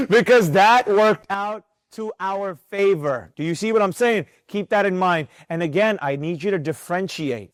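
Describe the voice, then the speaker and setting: A man teaching a live day-trading class, energetic and firing rhetorical questions at his students. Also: high voice, no echo, studio quality. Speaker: trading instructor. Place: room with students present.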